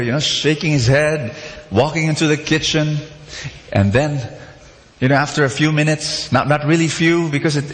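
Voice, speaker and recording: A man preaching a sermon, leading call-and-response and acting out the characters in a story. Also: on the high side. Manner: animated storytelling, acts out characters. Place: large church hall. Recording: echoey hall, faint ambience.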